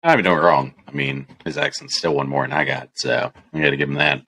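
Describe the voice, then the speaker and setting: A man's voice: very deep voice, fast, creaky, pushed and bright, slightly rough, no room sound. A man co-hosting a podcast in casual chat, making dry, wry quips. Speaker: podcast co-host.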